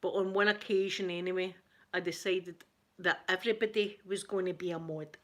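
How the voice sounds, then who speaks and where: A woman's voice: lowish voice, a bit bright. Chatty Scottish woman, gossipy storyteller. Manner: chatty storyteller, laughs often, greets chat viewers. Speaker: ASMR livestream host. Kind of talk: casual chat to live viewers.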